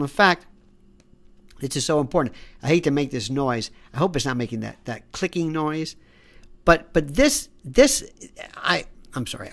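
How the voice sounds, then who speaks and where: A man with a high, slightly bright voice rants straight at the viewer while browsing online, delivering impassioned, exasperated political commentary. He frequently stumbles and restarts his words.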